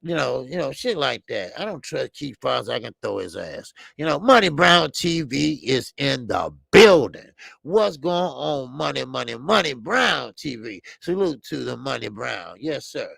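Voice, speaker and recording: A man's voice: medium pitch, big pitch swings, a little slow, gravelly, a bit bright, slightly rough, no room sound. A man hosting a boxing call-in show, talking casually and animatedly, rambling with many restarts.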